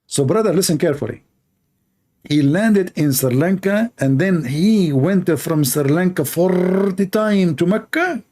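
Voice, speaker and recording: A man's voice: high voice, lively intonation, measured pace, warm tone. A man whose first language is Arabic, with an Arabic accent, hosting his show and mocking a clip in sarcastic, playful commentary. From Middle East. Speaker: show host reacting to a clip.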